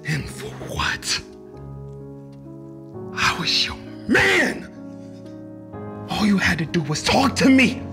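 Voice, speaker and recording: An actor playing a bitter jilted man, speaking slowly and accusingly. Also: high voice, huge pitch swings, gravelly, heavily acted. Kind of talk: romantic drama acting. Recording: music under the voice.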